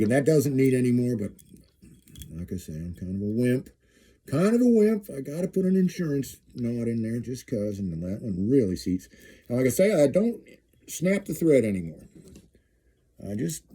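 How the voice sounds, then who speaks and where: A middle-aged man talks through a jig-tying demonstration in a relaxed, folksy way, often repeating his phrases as he works. His voice is very dark and mellow, with a husky edge. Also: mid-range voice. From eastern Kansas. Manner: folksy, chatty, repeats phrases while working. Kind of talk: casual how-to demonstration.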